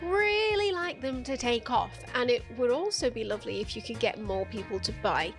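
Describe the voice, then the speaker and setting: A woman's voice: fairly high pitch, moderate pace, faint music behind. A woman narrating a satirical commentary in a sarcastic, profane, joking manner. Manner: sarcastic, profane, deadpan jokes. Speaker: video essayist.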